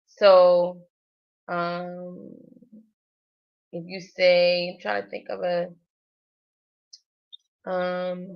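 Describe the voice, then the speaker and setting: A woman's voice: lowish voice, completely flat delivery, extremely slow, vocal fry, pauses often, smooth, muffled recording. A woman livestreaming her language study, thinking aloud hesitantly with many fillers. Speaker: language learner.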